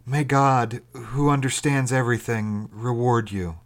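A man voicing a starving old castaway who speaks in a halting, pleading, hopeless way. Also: medium pitch, steady tone, pitched above the performer's own voice, lightly acted.

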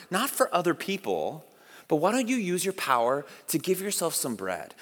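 A man's voice: high voice, fairly bright tone, big-room sound, pitched above the performer's own voice. A man voicing a sly male tempter who mocks and goads with questions. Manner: mocking, goading questions.

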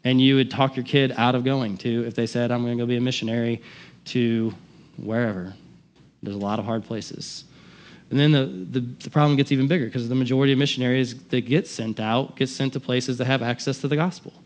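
A man preaching a sermon as pastor, impassioned, swinging from loud emphatic lines to quiet asides. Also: mid-range voice, steady tone, brisk.

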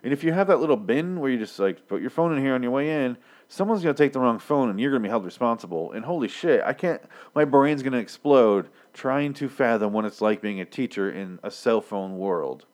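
A man's voice: medium pitch, expressive, a little fast, few pauses, a little mellow. A man in his thirties giving a rambling, profane casual recap of a TV episode, slipping into characters' lines. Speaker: show recapper.

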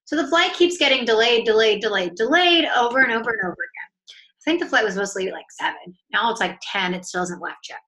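A woman with a bright, clear voice, a guest on a podcast. She chats in an upbeat, lively way and acts out the dialogue of her story as she goes. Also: a little high, fast talker. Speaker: author and coach, guest. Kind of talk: casual storytelling in a podcast interview.

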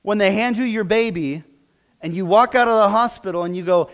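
A man's voice: sits high, brisk. A male pastor preaching a sermon in a church, emotional and close to tears as he prays aloud. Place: church sanctuary.

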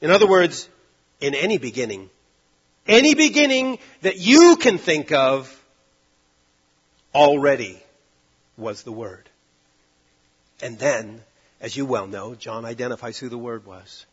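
A man preaching a sermon, driving points home with loud stresses and then dropping to hushed, low lines. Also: big pitch swings, unhurried, pauses often, breathy edge, highs cut off.

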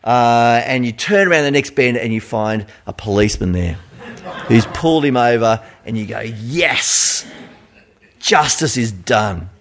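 A man with an Australian accent preaching a sermon in an animated, conversational storytelling manner. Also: mid-range voice, normal speed.

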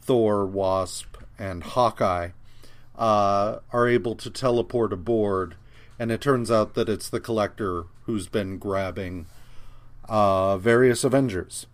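Man, podcast co-host, slow and rambling recap, filler-heavy, profane. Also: fairly low pitch. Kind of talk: casual comic book recap chat.

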